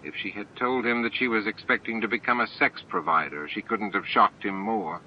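A man narrating an amateur audiobook in a plain, steady reading voice. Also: on the low side, normal speed, few pauses. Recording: dull lo-fi homemade audiobook.

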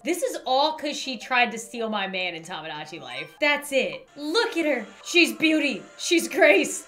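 Fields: Sex: woman. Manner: excitable, giggly. Pitch: high, lively. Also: moderate pace, few pauses, soft background music. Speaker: gaming YouTuber. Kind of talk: gaming commentary.

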